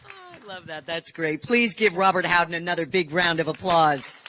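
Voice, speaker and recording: A woman's voice: fairly low pitch, expressive, normal speed, bright, forceful tone, a faint crowd, a little hiss or hum. A woman hosting as master of ceremonies at an indoor awards ceremony, upbeat and presenting on a microphone.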